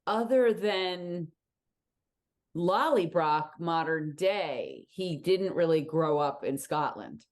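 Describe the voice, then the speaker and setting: A woman's voice: lowish voice, very animated, slow pace. A woman co-hosting a casual recap podcast, chatty and hesitant, trailing off. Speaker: podcast co-host.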